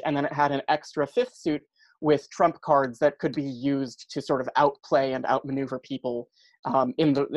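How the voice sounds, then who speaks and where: A man's voice: on the high side, no echo, low-quality recording. A man, a podcast guest, chatting casually and explaining at length with many ums and you-knows. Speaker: podcast guest, tarot practitioner.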